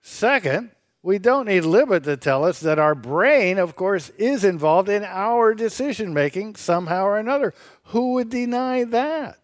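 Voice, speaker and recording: A man's voice: high-pitched, animated, a little slow, dry recording, clean studio sound. A man co-hosting a radio show, debating philosophy with a sarcastic, teasing edge and laughing as he argues. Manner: laughs while arguing.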